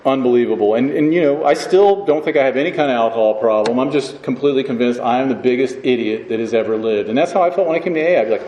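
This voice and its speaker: A man's voice: mid-range voice, fast talker, few pauses, darkish tone. A man speaking at a recovery meeting, telling his story in a rambling, self-mocking way and often asking "you know what I mean". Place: meeting hall. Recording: echoey hall with background noise.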